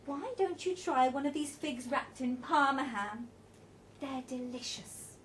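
A woman reading a story, voicing a gentle, uneasy woman who speaks softly and tentatively. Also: high-pitched, measured pace, a little hiss or hum. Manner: soft, quiet and tentative. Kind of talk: audiobook character voice.

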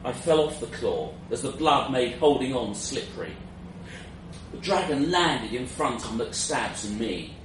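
A man's voice: mid-range voice, very animated, unhurried. A man narrating a first-person fantasy story in a wry, self-mocking way, in a roomy, distant, noisy recording.

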